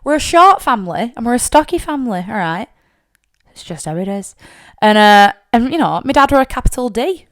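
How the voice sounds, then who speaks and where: A young woman with a fairly high-pitched voice and a Lancashire accent talks fairly quickly while hosting her podcast. She tells personal stories in a candid, chatty monologue, swearing casually, and turns animated when playing her family members. Her accent is Northern English.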